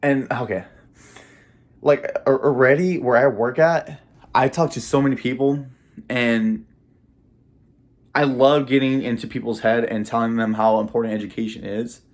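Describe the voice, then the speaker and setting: With long pauses and a moderate pace, a young man speaks directly to the camera about his dreams. His medium-pitched voice keeps fairly even intonation, though he chokes up with emotion, laughs, and repeats words in a loose, rambling way. He's a vlogger giving a casual motivational monologue.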